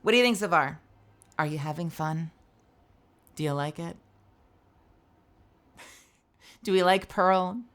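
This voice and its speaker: A woman's voice: on the low side, takes it slowly, long pauses. A tired woman streamer chatting casually with viewers. She rambles and giggles, often stopping and restarting her sentences.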